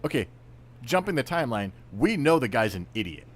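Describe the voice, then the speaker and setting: A man co-hosting a casual game stream, cutting in with quick jokes. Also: medium pitch, sing-song. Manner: joking, quick interjections. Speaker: podcast co-host playing a game. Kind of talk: casual let's-play chat. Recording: game music behind.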